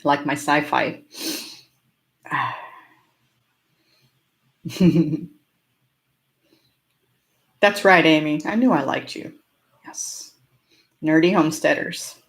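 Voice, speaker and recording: Talking very slowly and pausing often, a low-pitched woman from California hosts a homesteading channel's casual live-stream Q&A. Her slight rural American twang comes through as she answers chat in a chatty, upbeat way, laughing frequently between remarks.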